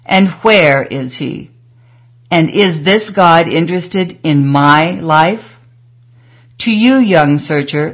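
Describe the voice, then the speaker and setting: Measured woman audiobook narrator. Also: low-pitched.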